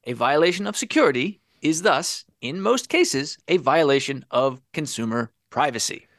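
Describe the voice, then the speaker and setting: A man hosting a podcast with a fairly high, very animated voice that leaps up and down. His delivery is wry and sarcastic. The sound is dry and close. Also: moderate pace, no echo. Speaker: podcast host. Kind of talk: casual podcast chat.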